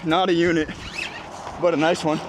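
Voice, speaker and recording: Excited angler shouting over outdoor noise. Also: male voice, on the high side, moderate pace. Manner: energetic, exclaiming, breathless bursts. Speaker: fishing video host. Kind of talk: excited outdoor fishing vlog chatter. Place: outdoors on a bridge over the water. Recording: outdoor wind and water noise.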